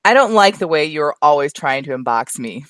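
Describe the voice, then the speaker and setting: A woman's voice: deep voice, lively intonation, a little fast, fairly bright tone, dry recording. A woman reading the lines of a touchy husband married thirty years, from her own short story. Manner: read aloud plainly from a story.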